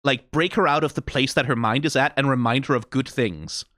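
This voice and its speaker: A man hosting a reaction video, talking through the animation in a casual, animated way, full of "like" and "right?" and the odd curse. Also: mid-range voice, a little fast, dry recording, studio quality. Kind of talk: casual analytical commentary.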